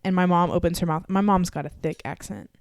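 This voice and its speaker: Woman, Texan accent, podcast co-host, animated storyteller, lowish voice, dry sound. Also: fairly quick, dry recording. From Texas. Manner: animated storytelling with swearing and laughter. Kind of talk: casual chat.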